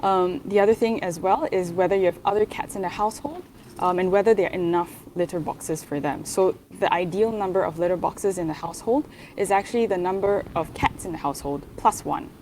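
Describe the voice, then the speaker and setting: A woman veterinarian explaining pet care in a measured way. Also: fairly low pitch, darkish tone, a little hiss or hum.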